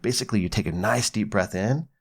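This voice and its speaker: Deep gravelly guy on an advice podcast, laid back, swears a bit. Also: fast talker. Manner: relaxed, conversational, swears casually, acts out quoted reactions. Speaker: psychology podcast host.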